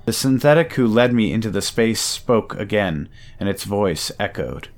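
A man narrating a first-person audio drama in a measured storytelling way. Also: on the low side, lively intonation. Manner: measured storytelling, nervous stammer in own lines.

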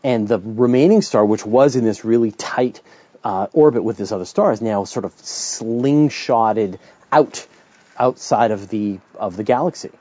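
A middle-aged man with a Canadian accent talks through listener questions in a relaxed, off-the-cuff way, often restarting his sentences and adding asides. His voice is mellow and dark, recorded close and dry, with a slightly dull, lo-fi sound. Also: fairly low pitch, measured pace, no echo. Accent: Canadian English. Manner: chatty, thinks aloud with restarts and asides. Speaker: podcast host answering listener questions. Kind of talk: casual explanatory talk.

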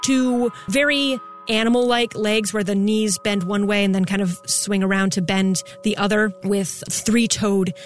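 A woman's voice: mid-range voice, fairly even intonation, unhurried, faint music behind. A woman narrating a tabletop game as game master, in a casual way full of fillers. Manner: casual, with many "like" and "kind of" fillers.

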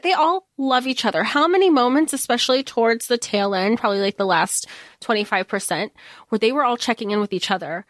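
Lively, gushing woman podcaster. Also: on the high side, a little fast, no echo, studio quality. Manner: enthusiastic, gushing, trails off and restarts. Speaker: podcast co-host. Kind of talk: casual book discussion.

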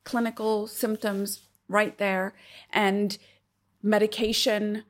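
A woman giving a reflective talk about feeling emotions, earnest and slowing down to stress key words. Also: mid-range voice, level tone. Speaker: wellness speaker.

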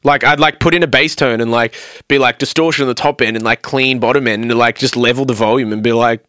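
Man, casual storytelling, lots of "like", mid-pitched voice, dry close recording. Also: fairly even intonation, fast, sharp tone, no echo. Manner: rambling storyteller, heavy use of "like", acts out quotes. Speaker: podcast guest, vocalist and producer. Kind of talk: casual chat.

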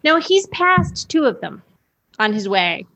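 A woman guest on a chat show, telling family stories in a lively way and laughing often, a little tipsy. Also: high voice, measured pace. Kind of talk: casual chat, storytelling.

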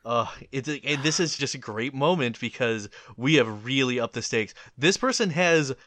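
A man co-hosting a casual anime discussion podcast, animated and laughing often. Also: medium pitch, moderate pace, dry recording. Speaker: podcast co-host.

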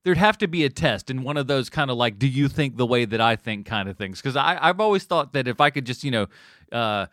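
A man hosting a casual podcast chat, rambling and animated as he reads listener questions. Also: medium pitch, brisk, no room sound, studio quality.

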